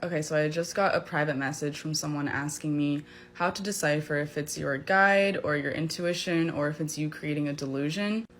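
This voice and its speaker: A woman's voice: low voice, steady tone, brisk, few pauses, a little hiss or hum. A woman explaining spiritual guidance to camera in a blunt, casual way, with some swearing. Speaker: spiritual content creator.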